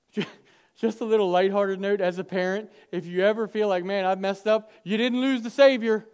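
A man delivers a sermon in a fairly high voice. He drops to near-whispers for weight, then climbs into loud, animated stretches. He plays out bits of dialogue with a light, humorous touch. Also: normal speed, clean tone. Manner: dynamic, swings from hushed to loud and animated; acts out quoted dialogue with humor. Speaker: preacher.

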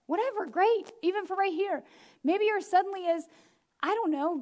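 Speaking briskly in a very high voice, a middle-aged woman delivers an animated sermon. She laughs frequently and performs the voices of those she quotes.

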